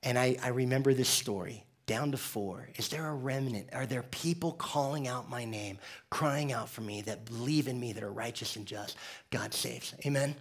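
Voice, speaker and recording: A man's voice: medium pitch, moderate pace, husky. A man from the United States preaching a conversational, joking sermon as pastor.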